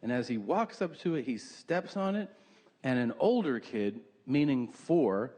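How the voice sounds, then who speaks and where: A man's voice: medium pitch, big pitch swings, unhurried. A middle-aged man doing a stand-up comedy set, telling profane, exaggerated stories and acting out quotes, recorded live on stage with a handheld mic. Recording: live club recording with crowd noise.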